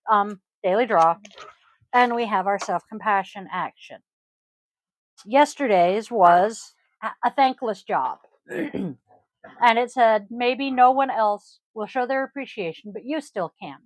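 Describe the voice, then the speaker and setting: A yoga teacher running a casual podcast talks in a meandering, chatty way, frequently saying um and clearing her throat. Her voice sits on the high side. Recorded close-miked at home, the sound is dry and low in quality.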